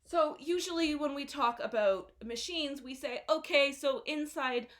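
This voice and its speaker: A young adult woman teaching English vocabulary at a classroom whiteboard, explaining words slowly and modeling their pronunciation again and again. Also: sits high, a bit bright. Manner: slow, careful explanations with repeated modeled pronunciations. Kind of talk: vocabulary lesson.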